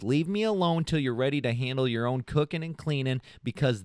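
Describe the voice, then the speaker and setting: A man's voice: mid-range voice, brisk, hardly any pauses, a little mellow, clear, resonant tone, no room sound, clean studio sound. A man co-hosting a comedy podcast, chatting casually and reading a post aloud, joking and laughing often. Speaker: podcast co-host.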